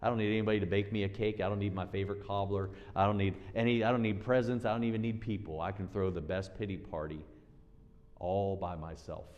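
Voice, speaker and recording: A man preaching a sermon as pastor, animated, acting out quoted voices with big swings in pitch and loudness. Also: quick pace, muffled recording. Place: church sanctuary. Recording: long church-hall reverb.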